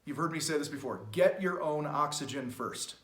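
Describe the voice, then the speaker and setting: A middle-aged man coaching contractors on camera, blunt and high-energy, with some swearing. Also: moderate pace, fairly bright tone. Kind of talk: motivational talk to camera. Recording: echoey room.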